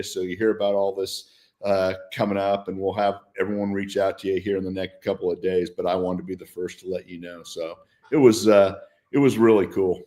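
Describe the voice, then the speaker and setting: Upbeat older man with a lowish voice. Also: little pitch movement, a little fast, warm tone. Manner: upbeat, storytelling with restarts. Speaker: guest, former football player. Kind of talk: casual interview chat.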